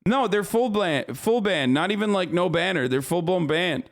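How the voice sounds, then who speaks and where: Man, livestreamer, somewhat high voice, exasperated, swears a lot, casual commentary. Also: lively intonation, normal speed. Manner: profane, exasperated ranting; rambling with many restarts. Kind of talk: casual live-stream commentary.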